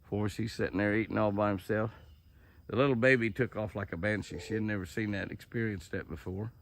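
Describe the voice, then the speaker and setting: An older man with a folksy drawl hosts a casual outdoor vlog from the woods on his ranch, talking to the animals as well as his viewers. His voice is on the low side, steady and brisk.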